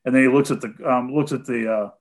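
A man's voice: medium pitch, fairly even intonation, quick pace. A man with a Tennessee accent answering callers' questions in a casual conversation, hesitating often with "um" and "you know".

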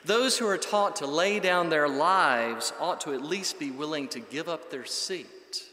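Male preacher, fairly high bright voice, measured emphatic sermon delivery, roomy echo. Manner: measured, emphatic, builds lists. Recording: echoey hall with long reverb.

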